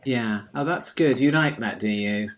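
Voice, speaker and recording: A woman's voice: very deep voice, normal speed. A woman from England, interviewing in a chatty way with frequent hesitations. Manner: chatty, warm questions with hesitations. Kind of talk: casual interview.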